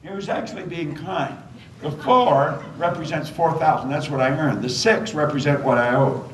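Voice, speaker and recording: A man's voice: fairly high pitch, moderate pace, a little hiss or hum. An older man giving a motivational seminar talk. He tells stories emphatically and repeats key phrases. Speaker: motivational speaker. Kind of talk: seminar talk to a live audience. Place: hotel function room. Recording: echoey hall, voice from far off.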